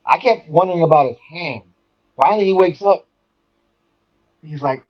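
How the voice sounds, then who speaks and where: Speaking in a voice on the high side, a man shares a story as a guest in casual chat, animated and halting with many restarts and repeated words. The sound is lo-fi.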